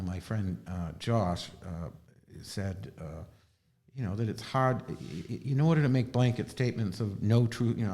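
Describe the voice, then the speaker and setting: A man's voice: fairly low pitch, a little mellow. Guy ranting on his livestream, swears a lot, sardonic, talks into a webcam mic. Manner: rambling, profane and sardonic. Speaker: livestream host. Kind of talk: casual live-stream talk.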